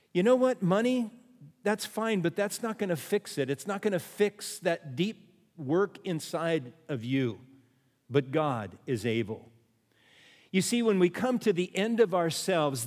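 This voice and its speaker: A man's voice: on the high side, a little mellow, in a large hall. A man preaching a sermon as pastor, who repeats refrains and asks his listeners questions.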